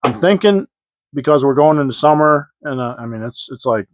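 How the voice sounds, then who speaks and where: A man's voice: mid-range voice, expressive, a little fast, no room sound. A man hosting a casual model-kit show-and-tell vlog, rambling and hesitant, with many fillers and restarts. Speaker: hobby model-kit channel host. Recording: dry, slightly dull lo-fi sound.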